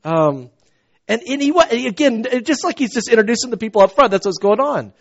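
A man preaching a sermon, telling personal stories with animated swings from loud to hushed. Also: extremely high pitch, fairly quick, dull audio.

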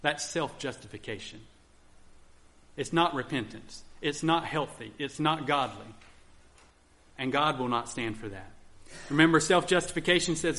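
A man's voice: a little high, expressive, moderate pace, pauses often, bright, forceful tone. A male pastor preaching a sermon on repentance, often acting out pleading first-person prayers to God.

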